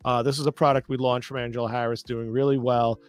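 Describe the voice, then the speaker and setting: A man's voice: mid-range voice, little pitch movement, quick pace, clean tone, soft background music. A man in casual chat, explaining tile products at length in a rambling, knowledgeable way and teasing his co-host. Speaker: tile company guest expert.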